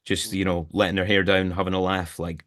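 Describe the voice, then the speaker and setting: A man with a low voice chats loosely as a guest on a podcast. He rambles with restarts and fillers. The sound is dry and close. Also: little pitch movement, fairly quick, fairly bright tone, no room sound. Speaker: actor guest. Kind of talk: casual interview chat.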